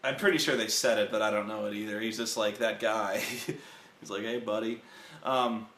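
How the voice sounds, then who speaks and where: A man co-hosting a casual film review, rambling and swearing, acting out movie scenes with loud yells. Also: on the low side, fairly even intonation, normal speed, reverberant.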